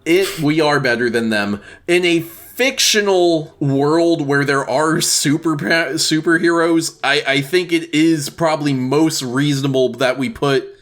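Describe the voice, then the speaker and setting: Podcast co-host, male, slightly high-pitched, blunt, argumentative, swears a lot. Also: measured pace, hardly any pauses, a bit bright. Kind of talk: casual movie review chat.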